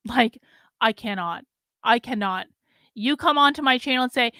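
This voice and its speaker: A woman's voice: on the high side, normal speed, long pauses, bright, forceful tone, no room sound. A woman ranting on her vlog, exasperated and swearing freely, repeating herself and cutting in with strings of refusals. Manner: exasperated, profane, repetitive venting. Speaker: vlogger.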